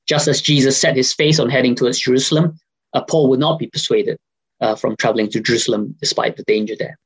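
A man's voice: medium pitch, fairly even intonation, fast, breathy edge, poor audio. A man preaching a sermon over a video call, earnest and questioning, with frequent filler sounds.

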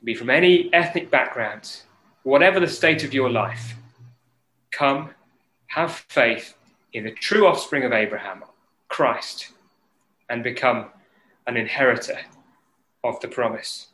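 Male preacher from England, mid pitch, earnest and halting, recorded in an echoey room. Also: pushed and bright. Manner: earnest, halting, with many fillers and restarts. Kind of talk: Bible talk on an online call.

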